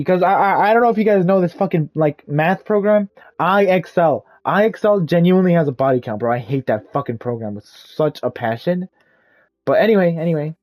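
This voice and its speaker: A man's voice: fairly high pitch, darkish tone. A young man telling a rambling, profane, self-deprecating story casually while playing a game. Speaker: gaming YouTuber. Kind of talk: casual storytime over gameplay.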